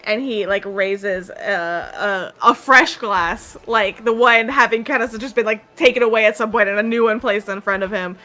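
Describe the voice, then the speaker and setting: Casting: woman running a tabletop game, bright, chatty narration, faint music underneath. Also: mid-range voice, moderate pace, hardly any pauses. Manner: loose, filler-heavy narration. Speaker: game master.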